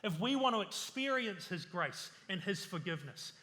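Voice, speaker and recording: A man preaches with a high, bright, ringing voice, earnestly stacking lists and asking his listeners rhetorical questions. His words trail into a long reverb, as in a church hall. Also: sing-song, normal speed. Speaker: pastor. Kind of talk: sermon.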